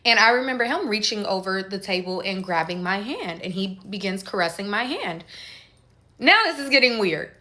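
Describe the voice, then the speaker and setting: A woman telling a casual storytime, animated and acting out the voices of the people she quotes. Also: medium pitch, moderate pace. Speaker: storytime creator.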